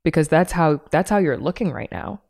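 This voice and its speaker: A woman's voice: sits low, lively intonation, fairly quick, creaky, a little mellow. A woman in her thirties, a podcast guest, talking candidly in a blunt, swearing, laughing casual chat.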